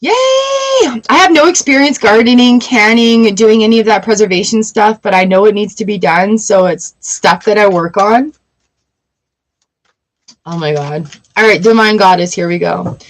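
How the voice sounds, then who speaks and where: A woman in her forties chatting casually on a tarot livestream, emotional and quick to laugh. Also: medium pitch, lively intonation, low-quality recording. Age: 40s. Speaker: tarot reader.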